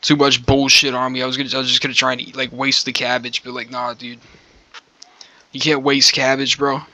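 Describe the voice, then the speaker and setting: A man streaming while he chats, his voice very bright and sharp, with a roughness that smoking has left in it. He rambles loosely, swears freely and ends his sentences with a drawled "bro." The pitch sits in an everyday middle range. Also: monotone, fairly quick. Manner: rambling, profane, slangy, calls listener bro. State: hoarse from smoking. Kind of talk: casual stream chat.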